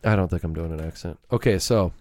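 A man's voice: low-pitched, quick pace, a little mellow, dry recording. A middle-aged man hosting a podcast, talking in a laid-back, rambling, casual way. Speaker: podcast host, father.

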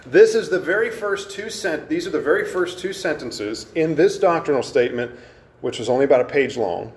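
A man preaching to a congregation in a conversational teaching style, asking questions of the room and slowing down to stress key words. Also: on the high side, expressive. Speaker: pastor.

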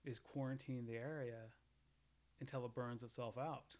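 A man's voice: mid-range voice, steady tone, normal speed, darkish tone. A man in casual podcast chat, rambling through jokey theories with frequent laughs and restarts.

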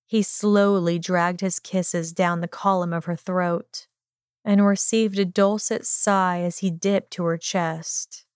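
Slow, dry-voiced woman reading a story. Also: mid-range voice, a little mellow, clean tone, dry recording. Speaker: narrator. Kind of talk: audiobook reading of fan fiction.

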